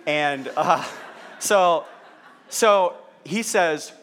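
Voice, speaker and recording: A man's voice: on the high side, very slow, a bit bright, slight background noise. A man preaching a sermon to a live audience into a stage microphone, telling stories with self-deprecating humor and asking the audience questions. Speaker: pastor. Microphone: handheld or stage microphone.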